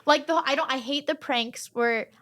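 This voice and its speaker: Bright high-voiced chatty woman. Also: normal speed. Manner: bubbly, rambling, heavy use of "like". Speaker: podcast host. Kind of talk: casual podcast chat.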